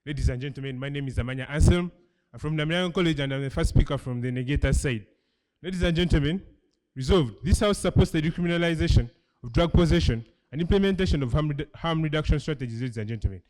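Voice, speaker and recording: A man's voice: fairly high pitch, fast talker. A young man in his late teens with a Ugandan English accent, giving an emphatic competitive debate speech as the opposition's first speaker, repeatedly addressing the audience. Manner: emphatic, keeps repeating "ladies and gentlemen".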